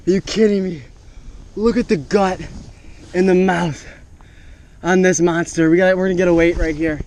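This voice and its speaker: A man's voice: sits high, fairly even intonation, moderate pace, pauses often, darkish tone. A man giving enthusiastic, exclaiming running commentary as a fishing vlogger, recorded outdoors on the water on an action camera.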